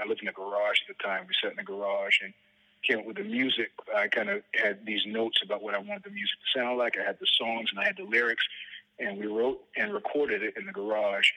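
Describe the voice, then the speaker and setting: Middle-aged male guest, very bright and hard-edged tone, rambling and profane storyteller. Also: lowish voice, low-quality recording. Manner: profane, rambling anecdotes, acts out quoted dialogue. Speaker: guest musician. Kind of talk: storytelling interview answers.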